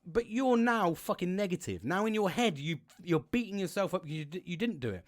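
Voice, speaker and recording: A man speaks to camera in a loose, rambling way, peppering every other line with swear words. His voice sits a little high for a man and jumps around a lot in pitch. He is recorded on his own plug-in mic. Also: lively intonation, brisk, hardly any pauses. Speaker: self-help vlogger. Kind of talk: casual monologue to camera.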